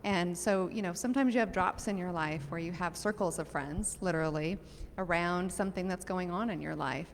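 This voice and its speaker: A woman's voice: lowish voice, brisk, a little hiss or hum. Thoughtful woman panelist, hall reverb. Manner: thoughtful, explains with images. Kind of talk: live panel discussion.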